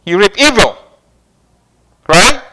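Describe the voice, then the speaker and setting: A man's voice: sits high, sing-song, slow, bright, forceful tone, poor audio. A man preaching a sermon, asking the congregation questions and repeating key phrases.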